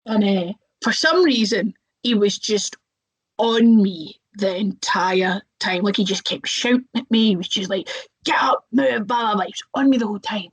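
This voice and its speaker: A woman's voice: mid-range voice, moderate pace, breathy edge, low-quality recording. A young woman, a wrestler, telling stories casually in an interview, chatty, with lots of fillers and voices acted out.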